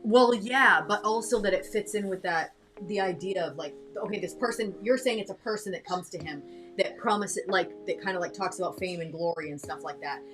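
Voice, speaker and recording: A woman's voice: medium pitch, brisk, fairly bright tone, soft background music. A woman co-hosting a reaction video, chatting casually and thinking aloud. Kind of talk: casual chat.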